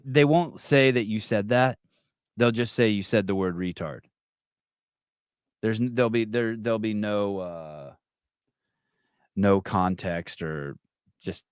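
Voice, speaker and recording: Profane, animated man telling a story. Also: lowish voice, clean tone, no room sound, clean studio sound. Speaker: podcast host. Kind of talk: casual chat.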